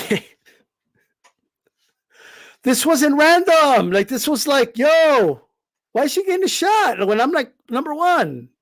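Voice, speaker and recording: A man, a boxing commentator, ranting heatedly, full of swearing, with emphatic repeated "all right?" checks. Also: very high voice. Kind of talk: heated rant.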